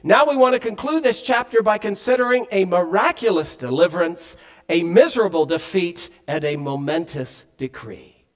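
A man with a high voice preaches a sermon. He delivers it earnestly, climbing on emphatic points and dropping low on solemn ones. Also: moderate pace. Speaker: pastor.

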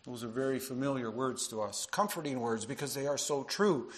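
A man preaching a sermon to his congregation, earnest, dropping to quiet asides and rising into emphatic passages. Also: medium pitch, a little fast, hardly any pauses. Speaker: pastor.

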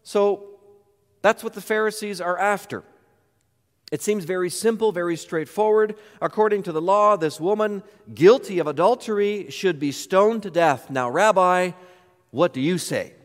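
A man's voice: high-pitched, moderate pace, big-room sound. A man pastor delivering a sermon, emphatic and full of rhetorical questions.

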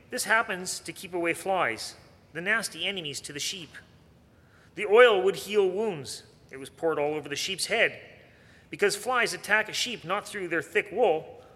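A man's voice: high-pitched, sharp tone, long reverb tail. A male pastor delivering a sermon, earnest and posing rhetorical questions to the congregation.

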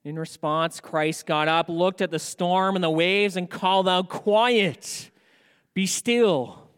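A male pastor preaching a sermon in a church, animated and asking rhetorical questions. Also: high voice, moderate pace, smooth, big-room sound.

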